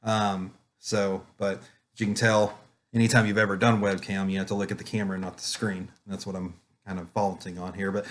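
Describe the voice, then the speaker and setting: Man, casual webcam talk, calm, rambling, lots of ums, children's ministry puppeteer. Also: deep voice, a little fast. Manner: rambling, filler-heavy, calm. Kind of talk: casual online conference talk.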